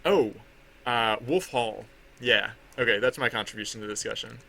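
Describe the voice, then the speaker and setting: Gravelly, bright-voiced man rambling casually. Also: mid-range voice, normal speed. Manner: rambling, many fillers and restarts, laughs at himself. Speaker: artist streaming his drawing. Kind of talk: casual livestream chat while drawing.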